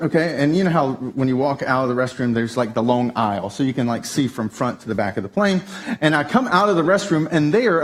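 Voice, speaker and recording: A man preaching a sermon, telling a family story with lively shifts up into a tense, excited delivery. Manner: animated storytelling, voice jumps high when telling the tense part. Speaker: pastor. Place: church stage.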